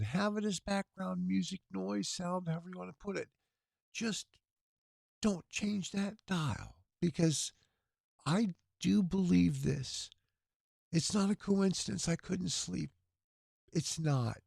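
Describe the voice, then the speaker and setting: Earnest male telethon host, hoarse and gravelly, slow-talking, dry close sound. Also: high voice, darkish tone, no echo. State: hoarse, tired voice. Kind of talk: casual livestream talk with prayer.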